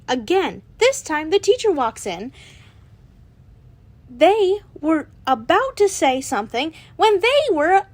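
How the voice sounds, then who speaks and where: A woman's voice: high-pitched, dry recording. A young woman reading a fanfiction story aloud in a casual way, with small slips and restarts. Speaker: fanfiction reader.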